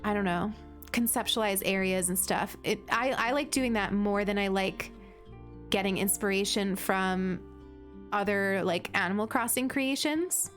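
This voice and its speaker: At a measured pace, a woman with a mid-range voice streams a game, chatting casually, gushing and using many "like" fillers. Soft background music accompanies her.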